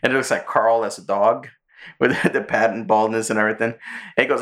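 A man hosting a casual podcast, recounting a cartoon plot with crude humor and quick bursts of put-on voices. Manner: animated retelling, jumps into squeaky character voices. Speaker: podcast host. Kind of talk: casual chat.

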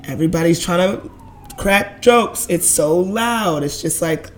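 A woman from Brooklyn talking quickly in a casual chat as podcast co-host, often laughing. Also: lowish voice, slight background noise.

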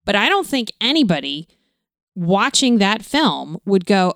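A woman's voice: medium pitch, very animated, a little slow, vocal fry, a bit bright, no room sound, clean studio sound. A middle-aged woman co-hosting a casual film discussion as a parent, explaining history and ideas in an informative, patient way. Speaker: co-host, parent.

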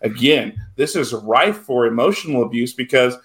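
A man's voice: mid-range voice, lively intonation, moderate pace, a bit bright. Here is a man appearing as a guest on a live talk show in a mid-range voice. He talks earnestly and in plain, casual terms, acting out example situations as he speaks. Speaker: guest from a crisis support center.

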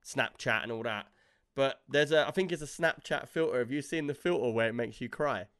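A man hosting a gaming podcast, telling stories in an animated way and laughing often. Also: medium pitch, a little fast. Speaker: podcast host. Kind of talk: casual chat.

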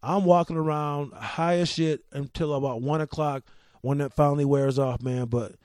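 A man hosting a podcast, telling a long story in a casual, animated way, swearing, laughing and restarting often. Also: on the high side, moderate pace, no echo, clean studio sound. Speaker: podcast host.

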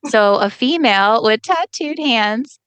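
A woman co-hosting a casual book podcast, recapping chapters in a chatty, expressive way. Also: a little high, unhurried, dry recording. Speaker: podcast co-host.

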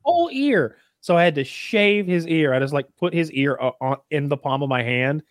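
A man's voice: fairly high pitch, lively intonation, moderate pace. A man chatting casually as a co-host, rambling with many restarts and frequent swearing. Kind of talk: casual chat.

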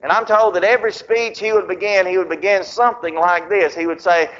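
A man preaching a sermon, telling a story with dramatic pauses, on a dull lo-fi recording. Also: high voice, fairly even intonation, a bit bright.

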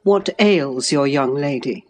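A woman voicing a proud gentleman of the house in an audiobook, speaking in a clipped, commanding way. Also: a bass voice, expressive, slow, soft background music, voice pushed down, heavily acted. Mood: stern. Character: stern gentleman, agitated then coldly proud.

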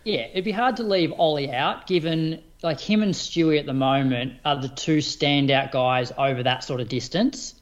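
A man's voice: on the high side, moderate pace, few pauses, lo-fi sound. A man co-hosting a podcast, giving his opinions in casual chat with plenty of fillers. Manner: opinionated, chatty, many fillers. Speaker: podcast co-host. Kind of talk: casual chat about running.

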